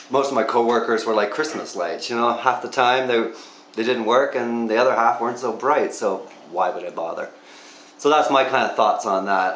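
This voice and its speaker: A man chats to camera in a casual vlog, spinning anecdotes with dry, wry humor and chuckling at his own jokes. His voice sits fairly low and carries an echo from the room around him. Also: fairly bright tone, a little hiss or hum. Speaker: vlog host. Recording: roomy echo.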